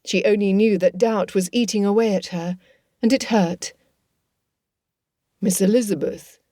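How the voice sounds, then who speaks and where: A woman narrates a novel with measured, expressive pacing. Her voice is mellow and warm, sitting in the middle of her range. The sound is dry and close, with no room around it. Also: medium pitch, no echo. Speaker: audiobook narrator. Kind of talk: scripted narration.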